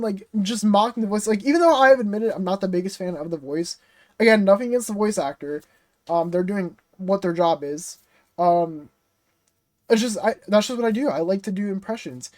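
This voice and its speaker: Content creator rant, frustrated, rambling, lots of fillers and swearing, middle pitch, dry close mic. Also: animated, fairly quick, dry recording. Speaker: game reaction content creator. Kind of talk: casual direct-to-camera rant.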